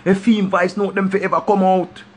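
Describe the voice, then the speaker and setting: Jamaican guy preaching at the camera, kinda breathy rough voice, keeps repeating himself. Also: high-pitched, level tone, moderate pace, darkish tone. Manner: preachy, emphatic, repeats his points. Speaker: vlogger giving life advice. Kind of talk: impassioned monologue to camera.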